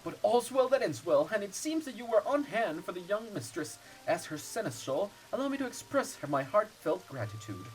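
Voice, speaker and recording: A man's voice: high-pitched, sing-song, normal speed, few pauses, pitched above the performer's own voice, poor audio. A man voicing a fussy, loyal household servant who speaks formally and fretfully.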